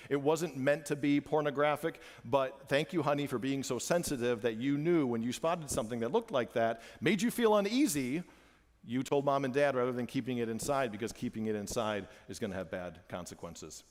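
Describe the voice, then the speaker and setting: Animated man presenting in an echoey hall. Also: medium pitch. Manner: animated, repeats phrases for emphasis. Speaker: presenter, father. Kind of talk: church presentation to parents. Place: church hall.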